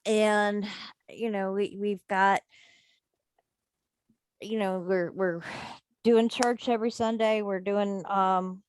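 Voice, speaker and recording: A woman on a group video call, reflecting thoughtfully with frequent pauses and fillers. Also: mid-range voice, fairly even intonation, a little hiss or hum. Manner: reflective, hesitant with many fillers. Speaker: member of an online business group.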